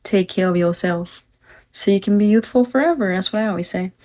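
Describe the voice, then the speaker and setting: A woman's voice: mid-range voice, a little fast, darkish tone, a little hiss or hum. A young woman chatting casually on a phone livestream, rambling on tangents, swearing freely and reading viewer comments aloud.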